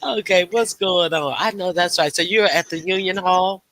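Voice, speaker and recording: A man's voice: high voice, moderate pace, sharp tone. A man hosting a casual livestream, greeting viewers by name and chatting with lots of fillers. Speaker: livestream host.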